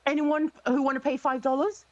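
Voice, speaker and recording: A woman's voice: high voice, flat delivery, a little fast, a little mellow, no echo, dull audio. A woman taunting and mocking someone over and over in a heated insult exchange on a live stream.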